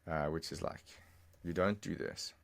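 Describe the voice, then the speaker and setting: A man teaching a language lesson over a screen recording, patiently explaining and repeating phrases slowly, step by step. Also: deep voice, steady tone, vocal fry, slight background noise.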